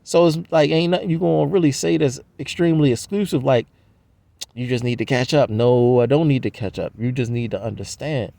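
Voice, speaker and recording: A man's voice: mid-range voice, brisk, creaky, warm tone, no echo. A man rambling in a profane, slangy casual monologue. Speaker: vlogger.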